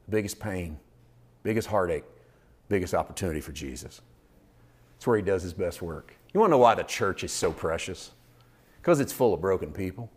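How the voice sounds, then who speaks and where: Guy preaching at church, low voice, gets fired up and loud then drops back quiet. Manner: impassioned, swings from low intimate to loud shouting. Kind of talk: sermon.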